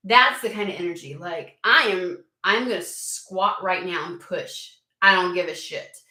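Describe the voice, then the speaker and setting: A woman giving a casual, animated tarot reading to her viewers, swearing freely as she talks through the cards. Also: fairly low pitch, unhurried. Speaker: tarot reader. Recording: roomy echo.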